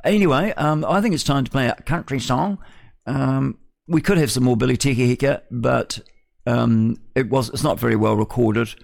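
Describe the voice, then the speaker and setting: A man's voice: mid-range voice, moderate pace, vocal fry, a little mellow, dry recording. A man chats through the morning news on his radio show. He wanders off-topic and mutters asides to himself, his middling voice dry and close in the studio. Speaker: radio host. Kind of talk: rambling live radio chat.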